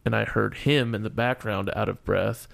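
Young man, low gravelly voice, swears often while retelling a story, casual and exasperated. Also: steady tone, moderate pace, a bit bright, faint music behind. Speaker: storyteller guest.

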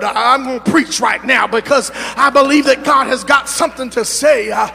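A man preaching a sermon as pastor, calling on the congregation to answer and rising into shouts. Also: very high voice, moderate pace, vocal fry, few pauses. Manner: call-and-response preaching, building to shouts. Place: church sanctuary. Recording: music behind, long hall reverb.

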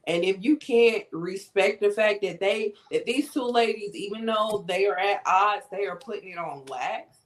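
A woman's voice: medium pitch, moderate pace. A woman co-hosting a podcast, giving emphatic, profane commentary in a casual chat. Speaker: podcast co-host.

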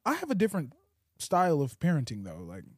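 A young man co-hosting a podcast, chatting loosely and profanely and telling animated stories. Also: on the high side, quick pace, dry recording, clean studio sound. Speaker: podcast co-host. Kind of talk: casual chat.

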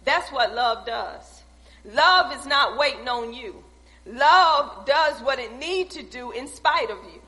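Woman preaching, high bright voice, repeats her lines hard, big echoey church. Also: expressive, takes it slowly. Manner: emphatic, repetitive preaching cadence. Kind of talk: sermon. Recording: echoey hall.

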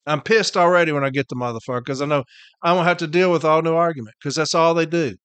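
A man's voice: on the high side, quick pace, fairly bright tone, clear, resonant tone, dry recording. A man, a podcast host and union representative, ranting casually in a blunt, heated and profane way, tired and irritated, hammering his points home by repeating them.

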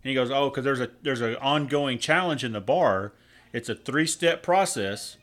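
A man's voice: mid-range voice, normal speed, fairly bright tone. A married man, co-hosting a casual podcast and telling crude jokes in a drawling storyteller way. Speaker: podcast co-host. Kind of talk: casual joke-telling chat.

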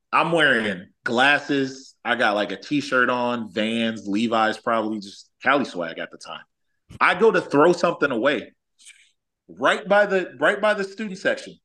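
A man from Los Angeles, California, and a former college athlete, tells stories in a casual chat with a mid-range voice at a moderate pace. He's animated, acts out quotes, and says "like" a lot.

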